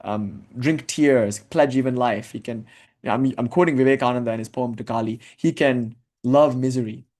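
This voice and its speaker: This young man delivers a casual, chatty spiritual talk, peppering it with "like" and side remarks and now and then chanting Sanskrit verses. His pitch is medium, his pace moderate, and his tone leans dark.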